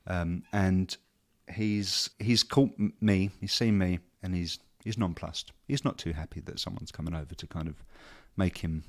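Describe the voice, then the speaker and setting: Low-voiced man telling a rambling story. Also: normal speed, few pauses. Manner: rambling anecdotal storytelling with many fillers. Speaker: podcast co-host. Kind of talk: casual chat.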